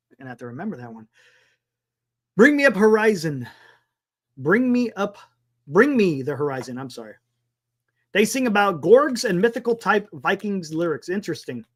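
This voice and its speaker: Casual stream host, male, higher-pitched, rambling and offhand with the odd curse. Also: sing-song, normal speed, pauses often, husky. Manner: rambling, thinking aloud, mild swearing. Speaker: sports talk livestream host. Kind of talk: casual livestream chat.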